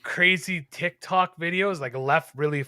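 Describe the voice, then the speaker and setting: A man co-hosting a podcast in casual chat, rambling, animated and profane. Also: fairly high pitch, unhurried, dry recording, studio quality. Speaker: podcast co-host.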